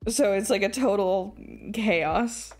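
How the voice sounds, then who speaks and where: Soft music accompanies a young Englishwoman's slow, medium-pitched casual chat as she draws on her art stream. She rambles, restarts her sentences, laughs a lot and occasionally swears.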